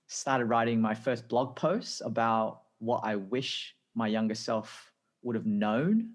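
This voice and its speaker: A man's voice: medium pitch, takes it slowly. A man with an Australian accent telling his career story as a guest, chatty and acting out the lines of people he quotes. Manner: chatty, acts out quoted dialogue. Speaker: guest, design director. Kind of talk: casual storytelling.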